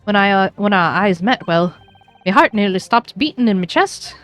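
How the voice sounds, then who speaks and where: A chatty Irish gentleman witness rambles on in a lilting, folksy way, as a woman puts him on. His voice sits in a middle range, and faint game music plays softly behind. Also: medium pitch, animated, normal speed, dry recording, natural voice. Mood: rambling. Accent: put-on Irish. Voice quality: lilting, folksy turns of phrase.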